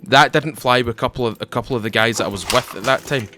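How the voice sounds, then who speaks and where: A man's voice: medium pitch, fast, noisy background. A young man playing a survival game, telling a long rambling story and often breaking off to comment. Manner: chatty, digressive, self-interrupting, animated. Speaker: gaming YouTuber. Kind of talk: rambling let's-play storytelling.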